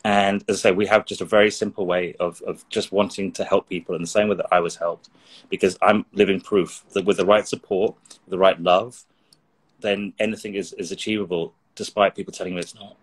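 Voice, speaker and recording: A man's voice: deep voice, little pitch movement, fairly quick, husky. A middle-aged man from England speaking as an interview guest, earnest and reflective, often repeating words as he searches for them. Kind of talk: interview conversation.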